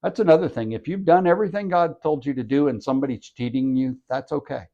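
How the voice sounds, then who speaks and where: A podcast host reads a scripture passage aloud, breaking in with wry jokes along the way. His voice is medium-pitched, fast, and warm, and the recording is muffled.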